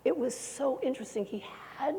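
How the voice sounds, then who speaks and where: An older woman, a former broadcaster now a therapist, telling animated anecdotes on a panel. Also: sits high, fairly quick, gravelly. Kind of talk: panel storytelling. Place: event hall panel. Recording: long hall reverb.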